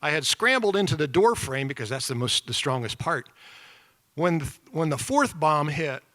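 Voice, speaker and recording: A middle-aged man tells his story from a stage in a big, echoing hall, his voice sitting a little high for a man. He talks casually with asides and acts out the shouts of others. The long reverb of the room trails after his words. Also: moderate pace. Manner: animated storyteller, acts out shouted quotes, self-deprecating asides. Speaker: former POW giving a talk. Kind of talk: storytelling presentation to an audience.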